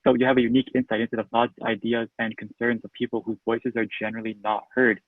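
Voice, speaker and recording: A thoughtful man asks interview questions, slightly halting, with a plain mid-range voice. His sound is thin and phone-like, completely dry, with no room around it. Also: mid-range voice, little pitch movement, vocal fry, no echo. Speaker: podcast interviewer. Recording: tinny phone-like line.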